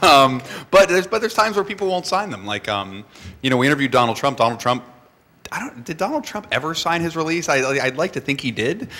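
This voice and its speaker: A man on stage before a live audience, telling stories in an animated way, acting out voices and laughing often. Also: on the high side, a little fast. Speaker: filmmaker guest.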